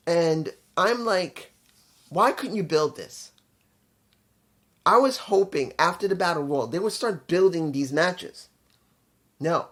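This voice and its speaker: A host giving a loose, casual video review, blunt and opinionated, often stumbling over names and correcting themself. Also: medium pitch.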